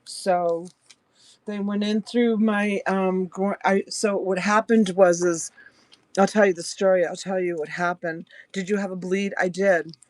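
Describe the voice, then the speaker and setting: A woman's voice: steady tone, measured pace, darkish tone, dry recording. A middle-aged woman selling jewelry on a live stream, chatting casually and telling a personal story between items. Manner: chatty storyteller, voice rising high when quoting.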